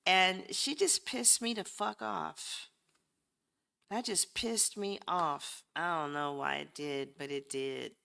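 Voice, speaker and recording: A woman's voice: on the low side, fairly even intonation, slow, creaky, clear, resonant tone. A woman giving a casual tarot reading, talking bluntly and profanely as she speaks straight to her viewers. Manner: addresses viewers directly and warmly. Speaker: tarot reader.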